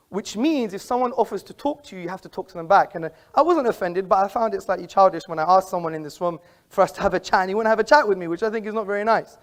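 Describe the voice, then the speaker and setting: A man giving a formal, argumentative debate talk in an auditorium, emphatic and combative as he quotes from books. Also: high-pitched. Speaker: debate speaker.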